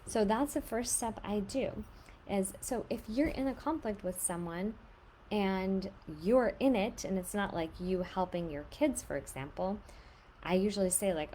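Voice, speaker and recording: Woman, mid pitch, giving casual advice, says like a lot, calm explaining, faint hum behind. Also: unhurried. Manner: conversational, many filler "like"s, calm explaining. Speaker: host and parent giving advice.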